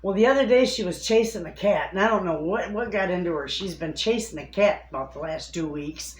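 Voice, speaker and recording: A woman's voice: lowish voice, a little fast. Chatty woman vlogging from her house, talks to viewers like friends, echoey room with a faint hum. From Michigan, USA. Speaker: homestead vlogger. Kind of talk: casual chat to camera.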